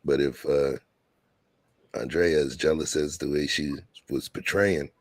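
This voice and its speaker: A man hosts a casual streamed chat, speaking low and gravelly. His voice is a little husky, and the sound is dry and close. He tells long, easygoing stories in street slang. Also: steady tone, measured pace, no room sound. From Brooklyn, New York. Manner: laid-back storytelling in street slang. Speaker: show host.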